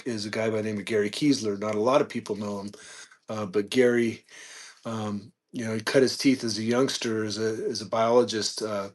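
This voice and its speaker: A man guest on a podcast, telling a casual story with animated peaks and frequent fillers. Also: lowish voice. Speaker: podcast guest, reptile keeper.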